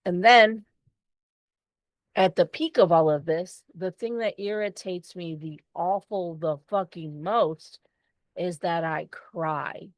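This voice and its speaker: Podcast co-host, woman, lower voice, frank and expressive, dry studio sound. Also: takes it slowly, no echo. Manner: candid and expressive, swears freely. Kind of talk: casual chat.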